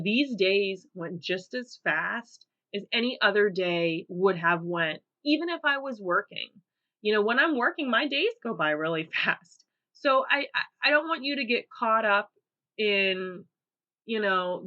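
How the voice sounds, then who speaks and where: A woman's voice: mid-range voice, bright, forceful tone, highs cut off. A young woman hosting her own podcast, talking casually and upbeat with frequent fillers and easy laughter. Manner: chatty and upbeat, laughs easily, many fillers. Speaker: podcast host. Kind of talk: casual solo podcast monologue.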